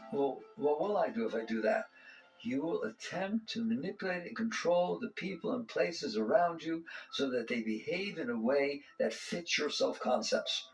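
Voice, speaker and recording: A man's voice: a little high, rough recording. A man giving a conversational spiritual talk to an audience. He asks rhetorical questions and often chuckles. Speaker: spiritual teacher.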